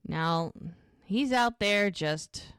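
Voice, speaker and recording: A woman co-hosting a podcast, telling an episode's story in a casual, animated way and quoting the characters. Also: mid-range voice, extremely slow, smooth, no echo, clean studio sound. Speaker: podcast co-host.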